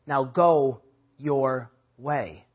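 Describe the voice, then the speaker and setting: A man voicing Jesus as a gentle, tender speaker, quietly. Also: mid-range voice, very slow, breathy edge, muffled recording, voice pushed down.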